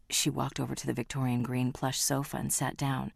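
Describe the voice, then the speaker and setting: Audiobook narrator: woman, very deep, dry, dramatic and measured. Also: level tone, creaky, no echo.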